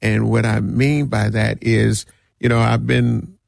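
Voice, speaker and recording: A man filling in as radio host, talking casually and animatedly, with quick laughs and mock voices. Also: on the low side, level tone, creaky, darkish tone, no room sound, clean studio sound.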